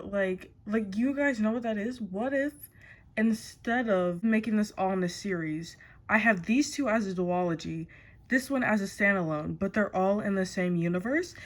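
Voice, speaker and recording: A woman's voice: medium pitch, moderate pace. A young woman author chatting casually to camera, thinking aloud as she talks. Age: young adult. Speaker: author vlogger.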